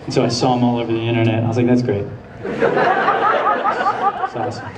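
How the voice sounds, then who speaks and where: A man with a mid-range, monotone voice talks in rapid-fire bursts as the voice actor guest on a convention panel, answering questions in a laid-back way and laughing often as he tells stories. It was captured on a handheld camera far from the stage in a large, echoey convention hall. A loud crowd makes it very noisy, with audience murmurs and laughter throughout.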